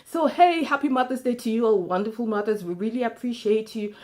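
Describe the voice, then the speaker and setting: A middle-aged woman, telling family stories in an animated way. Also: a little high, brisk. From Nigeria. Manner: animated storytelling, acts out family quotes. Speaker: speaker sharing life lessons. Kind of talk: storytelling talk.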